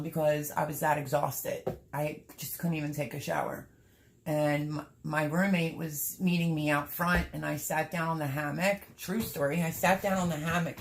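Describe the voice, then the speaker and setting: Rambling, candid middle-aged Philly-woman. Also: low-pitched. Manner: rambling, candid and emotional, chatting to viewers. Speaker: livestream host. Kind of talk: casual livestream chat. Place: at home. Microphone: livestream camera mic.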